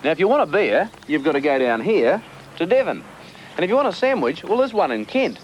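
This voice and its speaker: An Australian man works as a roving TV reporter, joking his way through live banter. His voice jumps around in pitch and moves quickly. Outdoor noise sits behind him. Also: very animated, dull audio. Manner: jokey, chatty, quick banter. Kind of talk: light-hearted live field reporting. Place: outdoors on location.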